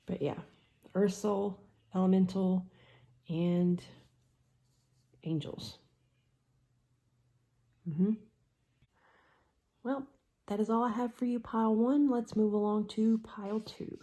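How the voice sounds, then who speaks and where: A woman giving a pick-a-card tarot reading, musing slowly and trailing off into soft murmurs as she works through the cards. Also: mid-range voice, fairly even intonation.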